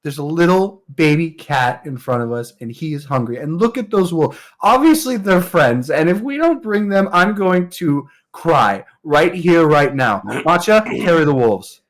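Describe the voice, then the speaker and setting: A man voicing an excited young kid in a fantasy party, who pleads dramatically and insistently. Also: fairly high pitch, measured pace, hardly any pauses, pitched above the performer's own voice. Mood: pleading.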